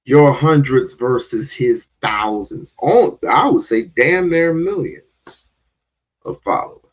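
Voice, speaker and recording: A man's voice: mid-range voice, expressive, takes it slowly, highs cut off. A man giving heated, confrontational reaction commentary, cursing and repeating himself to drive points home.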